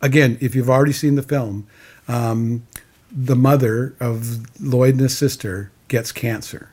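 A man's voice: mid-range voice, fairly even intonation, a little slow, darkish tone. A man co-hosting a podcast, earnestly retelling film scenes in a casual discussion. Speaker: podcast co-host.

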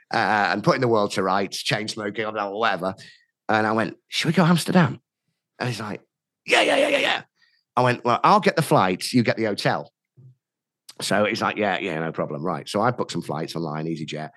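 Lively man telling wild stories. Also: on the low side, dry recording, studio quality. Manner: animated, acts out quoted dialogue with laughs. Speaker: podcast guest, radio DJ. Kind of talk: anecdotal storytelling.

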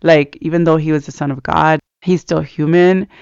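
A man's voice: fairly high pitch, fairly even intonation, moderate pace, creaky, a little mellow, clean tone, no room sound. A man giving a casual, rambling devotional talk about reading scripture, earnest, with many fillers. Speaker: Christian speaker. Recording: dull lo-fi sound, dry.

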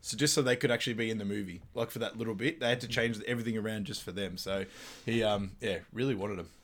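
A man, co-hosting a podcast in a casual chat, chatty and quick to laugh, with lots of filler words. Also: on the low side, a bit bright. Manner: chatty, laughs often, loose filler-heavy delivery. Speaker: podcast co-host. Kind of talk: casual movie recap chat.

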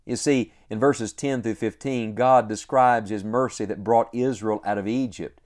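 A man's voice: fairly low pitch, fairly even intonation, a little mellow. A man preaching a devotional sermon, earnest and emphatic, repeating key lines and stretching out their final words. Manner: earnest, emphatic repetition with slow drawn-out endings.

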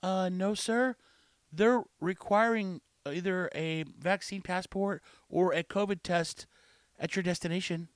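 A man's voice: sits high, unhurried, no room sound. A man voicing a polite but unbending female airline ticket agent while retelling a story. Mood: politely firm. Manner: apologetic but firm.

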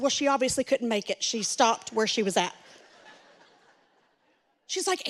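A woman pastor, preaching a sermon through a lively, self-mocking story, acting out what people said. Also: a little high, fairly quick. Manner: animated, self-mocking storyteller who acts out quotes.

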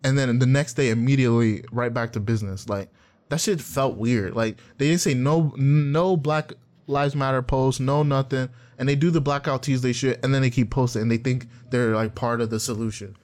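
A man talking casually on a podcast, his voice at an everyday middle pitch. He tells stories with lively energy, slips into the voices of the people he quotes, and swears freely. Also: normal speed. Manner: animated storytelling, acts out quotes, profane. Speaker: podcast co-host. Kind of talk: casual chat.

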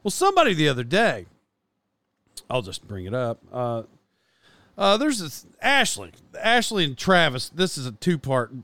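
A man in his forties talks through a casual, rambling podcast monologue, poking fun at himself between fillers and restarts. His voice sits high and comes across smooth and clean. The recording is dry and close, with no room sound. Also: wildly swooping pitch, moderate pace, bright, forceful tone, no echo. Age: 40s. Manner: self-deprecating, chatty, many fillers and restarts. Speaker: podcast host.

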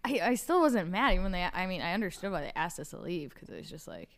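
A woman's voice: lowish voice, sing-song, quick pace. A young woman from New chatting casually on a podcast, telling a story with lots of "like". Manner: storytelling with frequent "like". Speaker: podcast co-host. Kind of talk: casual chat.

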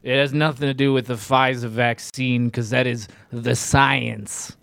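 A man putting on a smug, self-important older male health official who rambles in a halting way with a sleazy New York-style accent. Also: a little high, fairly even intonation, sharp tone, clear, resonant tone, dry recording.

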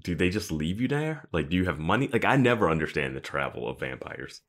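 A man with a very deep voice that still swings widely in pitch riffs on a TV episode in casual chat. He laughs often and tosses in mock quotes of the characters as he goes. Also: big pitch swings, brisk, fairly bright tone.

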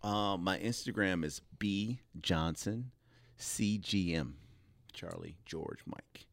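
Male comic guest, very low voice, relaxed, dry close sound. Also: slow pace, vocal fry, no echo. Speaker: comedian guest. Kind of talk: casual chat.

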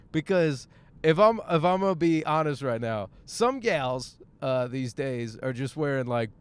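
A man in his thirties talks off the cuff in his car, riffing and swearing as he goes. His voice is smooth and clear and sits a little high for a man. He rambles, restarts and jokes through a loose podcast monologue. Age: 30s. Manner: rambling, profane, jokey. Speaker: podcast host. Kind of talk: casual monologue while driving.

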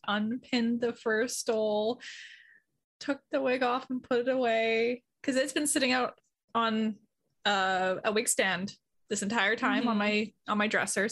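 A woman who streams and plays tabletop games chats in a high, bright-sitting voice. She tells her stories in an animated way and laughs between them. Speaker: tabletop game player and streamer. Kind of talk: casual chat.

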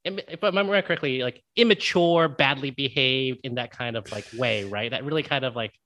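A man's voice: mid-range voice, brisk, bright, forceful tone, slight background noise. An American man hosting an interview, asking upbeat, curious questions and leaning on fillers. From United States. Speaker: interviewer, host. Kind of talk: casual interview chat.

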